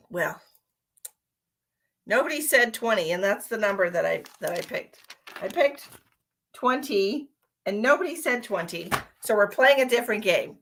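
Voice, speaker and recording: A woman's voice: mid-range voice, lively intonation, measured pace, long pauses, a bit bright. A woman who works as a psychic medium, chatting casually with viewers on her live stream. She is playful, laughs often and calls people sweetheart and honey.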